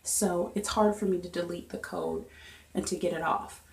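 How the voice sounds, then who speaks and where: A young woman vlogger chatting through a storytime in an animated, lively way. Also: fairly low pitch, moderate pace. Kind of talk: storytime vlog. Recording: echoey room.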